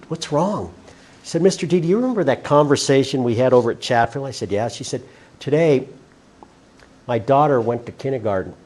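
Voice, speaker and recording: A man's voice: mid-range voice, darkish tone. A middle-aged man, speaking earnestly as a guest speaker telling personal stories to a class. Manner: earnest storytelling, quotes others. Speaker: guest speaker, former school principal.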